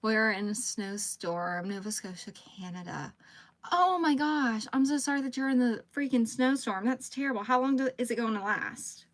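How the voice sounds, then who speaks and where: A woman's voice: on the high side, animated, moderate pace. A woman, chatting casually on a livestream at home while she crochets. She rambles, reads out viewer comments and talks to her dog. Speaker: livestream host.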